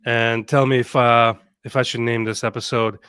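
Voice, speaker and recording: A man's voice: medium pitch, little pitch movement, moderate pace, sharp tone, clear, resonant tone, no room sound. Jokey, chatty podcast host, a man. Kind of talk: casual football podcast chat.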